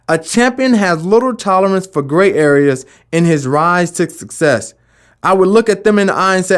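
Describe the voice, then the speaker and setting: A man's voice: high voice, expressive, normal speed. A man giving a motivational talk about never giving up, with emphatic delivery and rhetorical questions. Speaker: motivational speaker.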